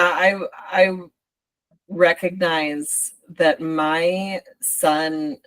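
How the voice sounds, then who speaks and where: A woman hosts the conversation and speaks very slowly, as if thinking aloud. Her voice is somewhat low for a woman. The sound is dry, with no room echo. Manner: slow, reflective, thinking aloud. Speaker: podcast host and coach. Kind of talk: casual conversation.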